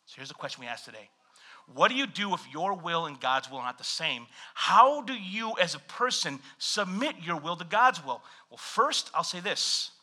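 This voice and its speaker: A male pastor preaching in an animated, storytelling way, moving between scripture reading and humorous anecdotes. His voice is high and very bright, and his pitch leaps around expressively. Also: moderate pace. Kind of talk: sermon.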